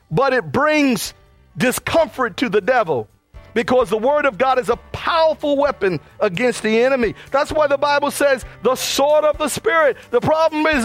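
A man's voice: very high voice, a bit bright. A man preaching a sermon as pastor, urging his congregation with fervent, repeated calls.

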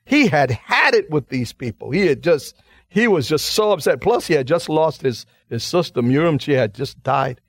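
A male pastor delivers a radio sermon with strong emphasis, swinging his voice up and down as he makes each point. His voice sits a little high for a man and sounds close and dry, with no room around it. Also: expressive, moderate pace, no room sound. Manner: emphatic, dramatic preacher, acts out quoted lines.

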